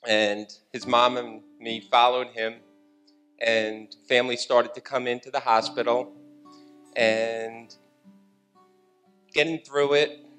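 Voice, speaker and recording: A man's voice: medium pitch, fairly bright tone. A middle-aged man giving an earnest personal testimony on a church stage.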